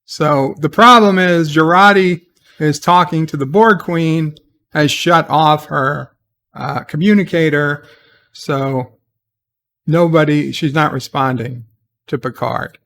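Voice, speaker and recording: A man's voice: on the high side, slow pace, fairly bright tone. A man giving a casual spoken recap of a TV episode, rambling and hesitant with lots of fillers and sarcastic, exasperated asides. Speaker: TV episode reviewer.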